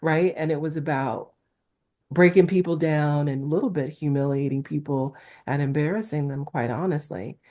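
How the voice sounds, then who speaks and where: Low, mellow-voiced woman with Valley-girl lilt. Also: moderate pace. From Newark, New Jersey, USA. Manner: Valley-girl-like delivery, animated and emphatic. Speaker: talent agent guest. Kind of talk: candid interview conversation.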